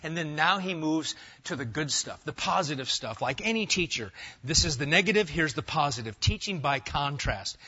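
A middle-aged man preaching an expository sermon, lively and conversational, asking the congregation questions. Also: on the high side, moderate pace, lo-fi sound. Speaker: pastor.

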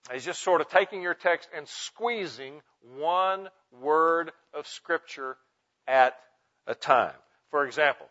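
A man preaching a teaching sermon to pastors, emphatic, slowing down and stressing single words. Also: mid-range voice, a bit bright. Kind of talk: sermon teaching on Bible meditation. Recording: muffled lo-fi sound.

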